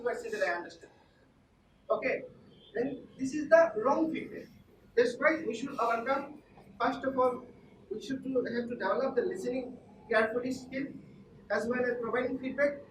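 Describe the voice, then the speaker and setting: A woman giving a classroom lecture, repeating her points and quizzing the class. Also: sits high. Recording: echoey room, far from the mic, noisy.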